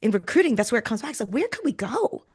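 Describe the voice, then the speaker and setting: A woman's voice: a little high, big pitch swings, quick pace, husky, faint music behind. A woman recruiter talking bluntly and animatedly in a casual interview, swearing freely. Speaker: recruiter guest.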